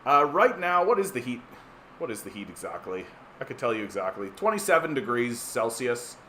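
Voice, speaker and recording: Canadian guy rambling on his stream, sarcastic, lots of uh and restarts, mid pitch, bit of background hiss. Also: big pitch swings, fairly quick, sharp tone. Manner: rambling, many restarts and fillers, sardonic. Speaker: livestream host reading chat. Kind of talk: casual political livestream chat.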